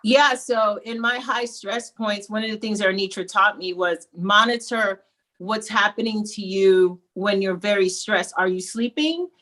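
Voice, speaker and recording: A woman guest telling her own story in a candid, animated, conversational way. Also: mid-range voice, a little slow. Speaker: program client and guest.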